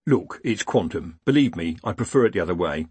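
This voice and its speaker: A man's voice: deep voice, animated, a little fast, a little mellow, breathy edge, no room sound, pitched below the performer's own voice. A man voicing a nervous, cowardly wizard in an audiobook. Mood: anxious.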